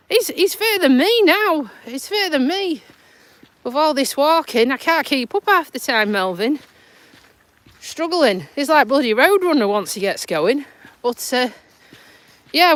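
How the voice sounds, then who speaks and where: A high-pitched, sing-song woman speaks unhurriedly in a fairly bright tone. She's a vlogger from Lincolnshire, England, with the area's accent and a stuffy nose, chatting casually on a phone-recorded live stream during a countryside walk. Her manner is chatty and self-mocking, with lots of laughs and dialect words.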